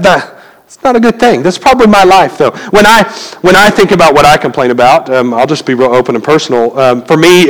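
A man's voice: mid-range voice, long reverb tail, poor audio. A man preaching a sermon as pastor, talking conversationally and asking the congregation questions.

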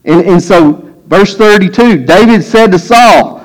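Man, pastor, sermon, emphatic, slightly high voice. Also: measured pace, poor audio. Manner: acts out scripture voices, rising emphatic preaching.

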